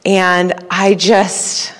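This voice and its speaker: A woman's voice: fairly low pitch, level tone, extremely slow, fairly bright tone. Chatty woman sharing a testimony in a hall. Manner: chatty, says "like" a lot. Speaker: church member sharing a testimony. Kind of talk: personal testimony.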